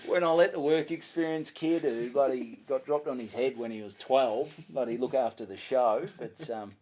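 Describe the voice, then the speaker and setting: An Australian comedian telling a lively story on a podcast, swearing and acting out other people's voices. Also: male voice, medium pitch, moderate pace, a little hiss or hum. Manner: animated, swearing, acts out voices. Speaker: comedian guest.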